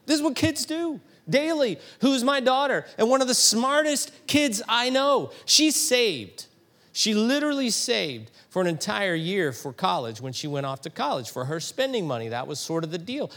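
A middle-aged man preaching a sermon, telling a story with animated emphasis that climbs to emphatic peaks. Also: sits high. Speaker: pastor.

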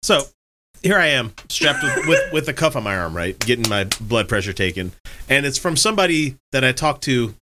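Lively man in his forties. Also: mid-range voice, normal speed, a little hiss or hum. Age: 40s. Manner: swearing, laughing storyteller. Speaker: podcast co-host. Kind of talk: casual chat.

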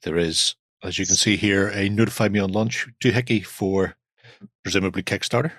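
A low-voiced man, co-hosting a casual chat. His voice is husky and dry, and he adds wry asides from the side. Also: fairly even intonation, moderate pace, a bit bright, no room sound.

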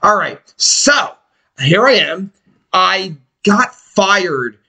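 A man's voice: high voice, sing-song, extremely slow, gravelly, bright, forceful tone, breathy edge. A man in his forties from Pennsylvania, telling profane, rambling stories in casual podcast chat. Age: 40s.

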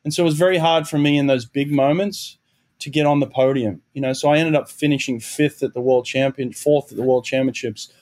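In a steady, brisk, darkish voice of medium pitch, this former Olympic swimmer and coach from Australia, now middle-aged, talks through his history. The conversational interview is earnest and reflective, his storytelling marked by frequent restarts.

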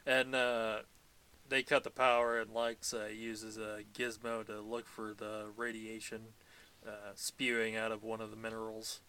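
A man with a bright, forceful tone chats loosely through a film recap on a podcast. He laughs a lot between lines and drops curse words without a second thought. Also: on the low side, completely flat delivery, unhurried, clear, resonant tone. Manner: laughs often, swears casually, acts out quotes in passing. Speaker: podcast co-host. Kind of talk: casual movie recap chat.

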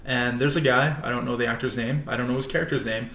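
A man's voice: medium pitch, steady tone, fast, a bit bright, reverberant, a little hiss or hum. A man co-hosting a podcast in casual chat, telling stories and acting out the people in them. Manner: storytelling, acts out quoted dialogue. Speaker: podcast co-host.

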